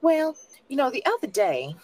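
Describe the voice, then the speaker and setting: Woman player, animated pitch, rambling and unsure. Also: moderate pace, slight background noise. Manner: hesitant, rambling, laughs easily. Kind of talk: tabletop role-play.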